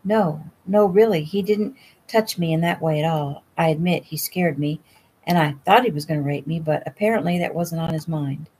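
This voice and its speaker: A woman's voice: deep voice, moderate pace, darkish tone, slightly rough. A woman voicing a feisty, stubborn young woman in a storybook reading, wry and matter-of-fact. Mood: steady, wry.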